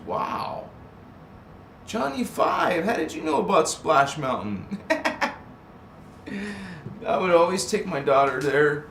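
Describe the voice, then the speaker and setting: This channel host's voice is on the high side, gravelly and fairly bright, with big pitch swings, a slow pace and long pauses. The middle-aged man reads viewer comments on his live stream, drifting into tangents and laughing a lot. The recording has roomy echo and a little hiss or hum.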